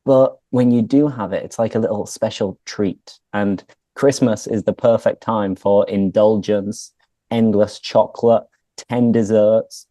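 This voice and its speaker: A British man hosting a casual chat and explaining phrases for English learners in a relaxed way. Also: lowish voice, measured pace, dry recording. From Britain. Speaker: host and English teacher. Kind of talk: casual conversation, explaining words.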